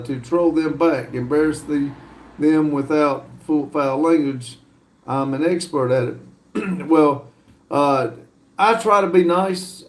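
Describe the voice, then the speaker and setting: A man's voice: on the high side, a little mellow. A middle-aged man with a North Carolina accent, hosting a casual livestream and reading viewer comments aloud in an easygoing, drawling way with many fillers. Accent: Southern US, North Carolina. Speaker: livestream host reading chat. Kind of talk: casual live chat.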